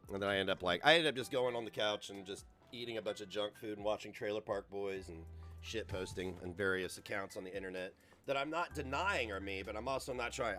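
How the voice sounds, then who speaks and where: A man's voice: on the low side, pushed and bright. Rambling, profane man ranting on a stream. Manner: rambling, profane, self-mocking. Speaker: livestream host. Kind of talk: casual livestream rant.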